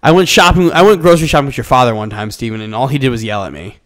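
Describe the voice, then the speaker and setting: A young man in casual podcast chat, ranting and swearing with loud, animated jumps in pitch. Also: very fast. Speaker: podcast co-host.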